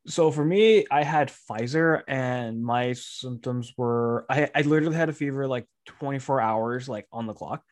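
A young man, a student, co-hosting a podcast, talking in a relaxed, hesitant way and often repeating words. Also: medium pitch, normal speed, hardly any pauses, no echo, clean studio sound. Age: young adult. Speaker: podcast co-host. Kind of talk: casual chat.

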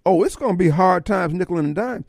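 Gravelly talk radio host. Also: male voice, high-pitched, animated, brisk, no echo, studio quality. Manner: folksy, fiery warnings. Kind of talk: talk radio monologue and call-in.

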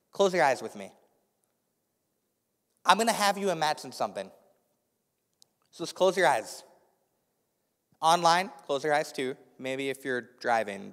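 Male pastor, slightly higher voice, slight lisp, earnest sermon delivery in a big reverberant church hall. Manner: earnest, restarting phrases, dropping soft for guided imagery. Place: church sanctuary with a live congregation. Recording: long reverb of a large hall.

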